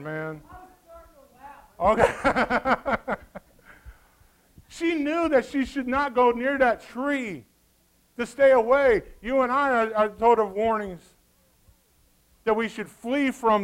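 A man preaching a sermon, lively and folksy, throwing joking asides to the congregation. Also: high-pitched.

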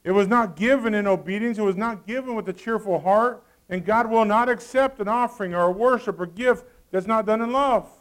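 High-voiced preacher calling to his congregation. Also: fairly quick, few pauses. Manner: calls out to the congregation, swings from loud to hushed; reads scripture in old-fashioned wording. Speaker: pastor. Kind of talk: sermon.

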